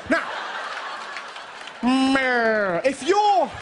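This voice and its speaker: High-voiced English comedian on stage. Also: male voice, slow, long pauses, a faint crowd, a little hiss or hum. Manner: animated storytelling, puts on his mum's voice in quotes. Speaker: stand-up comedian. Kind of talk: stand-up comedy routine. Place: stage in front of a live audience.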